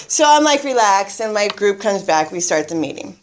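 A woman's voice: mid-range voice, big pitch swings, fairly quick, few pauses, a little hiss or hum. A woman telling her own story to a meeting audience, nervous and chatty, often laughing at herself. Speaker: guest speaker at a recovery meeting. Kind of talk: personal story told to a live audience.

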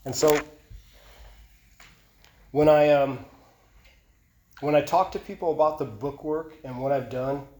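A man's voice: fairly high pitch, measured pace, pauses often, mellow. A man giving an earnest, confessional personal testimony at a recovery meeting, often repeating and restarting his phrases. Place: meeting room. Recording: echoey meeting room.

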